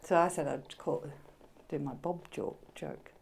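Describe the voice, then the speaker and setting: Brief: woman, lowish gravelly voice, chatty and jokey paranormal investigator. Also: unhurried, in a whisper. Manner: chatty, laughs easily, jokey. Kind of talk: casual chat during a ghost hunt. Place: inside an old jail at night.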